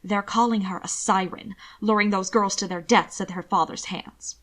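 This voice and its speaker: A woman voicing a chatty noblewoman and mother who coaxes and gossips eagerly in a lively way. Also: mid-range voice, moderate pace, close to an everyday voice. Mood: coaxing, gossipy.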